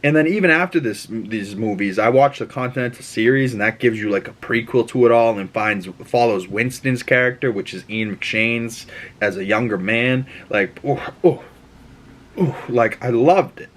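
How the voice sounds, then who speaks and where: A young man giving a casual movie review, rambling and excitable, with plenty of cursing. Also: mid-range voice, normal speed.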